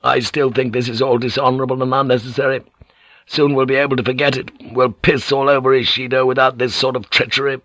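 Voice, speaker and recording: A man voicing a gruff, blunt old general who speaks bluntly and forcefully. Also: mid-range voice, level tone, fast talker, dry recording, pitched above the performer's own voice, lightly acted. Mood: scornful.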